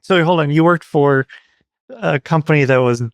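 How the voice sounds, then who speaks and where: A man's voice: a little high, normal speed, no echo, studio quality. A man hosting an interview show, chatting casually and asking follow-up questions. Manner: relaxed, asks follow-up questions. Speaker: podcast host.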